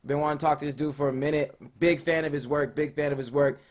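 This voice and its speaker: An American man hosting a casual interview, hyped and loud with lots of slang. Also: a little high, level tone, fast talker. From United States. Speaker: interview host.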